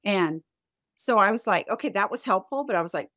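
A woman's voice: mid-range voice, lively intonation, fairly quick, fairly bright tone, dry recording, clean studio sound. A middle-aged woman, a company founder, telling her story in an interview and acting out the lines she quotes. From United States and Canada.

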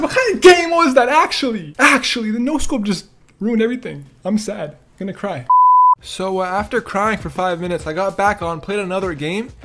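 A young man giving jokey gameplay commentary, trash-talking, boasting loudly and then grumbling under his breath. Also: high voice, slight background noise. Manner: animated, jokey and trash-talking, swings between loud boasts and mumbled gripes. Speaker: gaming YouTuber.

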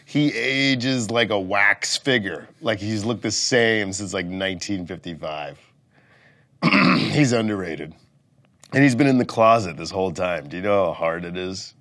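Male comic, low voice, loud profane rant with sudden muttered asides. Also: a little slow. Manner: profane, swings from loud outbursts to mumbled asides. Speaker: comedian rating things as overrated or underrated. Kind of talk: comedic rant to camera.

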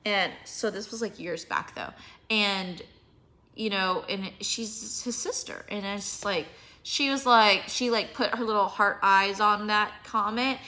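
A woman's voice: mid-range voice, unhurried, sharp tone. A young adult woman talking to her viewers in a casual vlog, rambling, swearing and searching for words, yawning now and then. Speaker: vlogger.

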